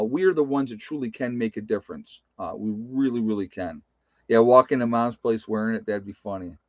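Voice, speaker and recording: A man's voice: medium pitch, no room sound, highs cut off. A man hosting a casual livestream, reading out viewer comments and chuckling often. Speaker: livestream host.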